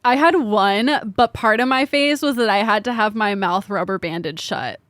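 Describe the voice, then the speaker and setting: A woman's voice: medium pitch, moderate pace, fairly bright tone, dry recording, studio quality. Candid, teasing woman podcast co-host. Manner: candid storyteller, teasing, swears casually. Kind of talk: casual podcast chat.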